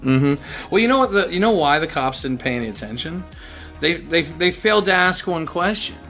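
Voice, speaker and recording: A man's voice: on the high side, expressive, fairly quick, a bit bright, soft background music. A young adult man co-hosting a podcast, joking in casual chat and laughing often. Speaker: podcast co-host.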